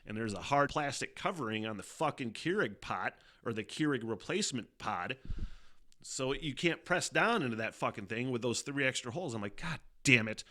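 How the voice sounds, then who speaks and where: A man's voice: mid-range voice, expressive, normal speed, bright, forceful tone. Profane, rambling man hosting a podcast. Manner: profane, rambling, laughs often; sighs and mutters in exasperation. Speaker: podcast host. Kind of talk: casual solo podcast chat.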